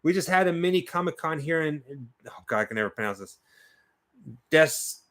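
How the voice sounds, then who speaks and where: Male livestream co-host, slightly high voice, upbeat chat reader. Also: lively intonation, fairly quick, a bit bright. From United States. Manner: reads out chat messages, upbeat. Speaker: co-host of a horror watch-party livestream. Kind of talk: casual livestream chat, reading viewer comments.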